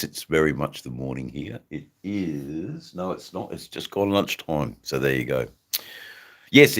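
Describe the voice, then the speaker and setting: A man hosting a live stream, chatting casually with viewers in a rambling, halting way. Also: sits low, fairly bright tone. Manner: rambling, halting, many ums and restarts.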